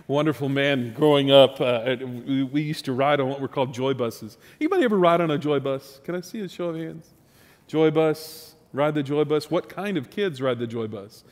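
Pastor preaching in a reverberant church. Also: male voice, medium pitch, normal speed. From Texas, USA. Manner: storytelling, animated, with rising emphasis and restarts. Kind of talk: sermon.

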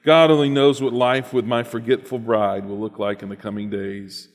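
A man's voice: medium pitch, little pitch movement, normal speed, big-room sound. A man reading a written personal story aloud in an earnest, reflective way, then reflecting on it as host.

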